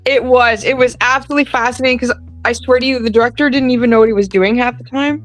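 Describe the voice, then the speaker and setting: A woman co-hosting a casual stream chat, chatty and quick to laugh. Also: fairly high pitch, fairly even intonation, poor audio. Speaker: podcast co-host. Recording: faint background music.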